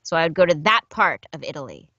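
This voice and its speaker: A woman guest on a podcast, giggly and quick to play along in an improvised comic chat. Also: low voice, big pitch swings, a bit bright, no echo, lo-fi sound. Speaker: guest voice actor.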